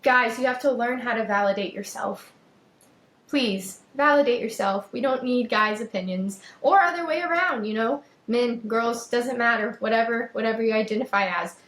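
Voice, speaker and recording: In an echoey room on a rough recording, a young adult woman with a fairly high, fairly bright voice hosts her podcast. Her monologue on self-worth is emphatic and personal, full of repeated phrases aimed right at her listeners.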